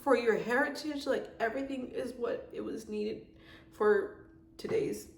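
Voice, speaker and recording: A woman's voice: on the high side, a little slow. Heartfelt young woman rambling in an echoey room. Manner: rambling, heartfelt, gushing with frequent fillers. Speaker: vlogger reviewing a performance. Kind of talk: casual emotional review. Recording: echoey room with faint background noise.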